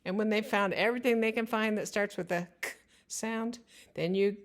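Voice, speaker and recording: A woman giving instructional narration for parents. She talks in a slow, careful way and spells out the sounds of words. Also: mid-range voice, steady tone. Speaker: teacher.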